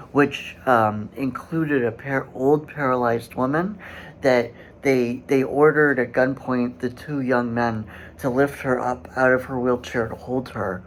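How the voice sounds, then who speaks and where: A man hosting a solo commentary podcast, speaking in a halting way with many fillers and restarts and growing indignant. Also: mid-range voice, slight background noise, poor audio. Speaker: podcast host.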